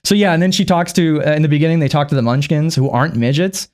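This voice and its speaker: A man's voice: a little high, fast talker, darkish tone. Profane, rambling man ranting about a film. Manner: rambling, profane, jumps into mock impressions. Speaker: youtuber reviewing a film. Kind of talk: casual comedic movie rant.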